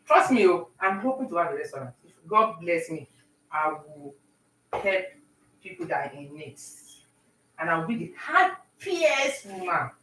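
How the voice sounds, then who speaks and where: A woman chatting with viewers on a live stream while she bakes at home, talking warmly and greeting people by name. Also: on the low side, very animated, measured pace, echoey room, distant mic, low-quality recording. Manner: warm, talkative, talks to viewers by name. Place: home kitchen.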